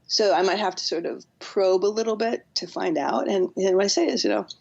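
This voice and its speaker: A woman's voice: mid-range voice, brisk, vocal fry, a little mellow, muffled recording. A woman guest on a podcast, a counselor and author, explaining in an earnest way and sometimes acting out what people say. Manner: earnest, explanatory, acts out quotes. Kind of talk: podcast interview.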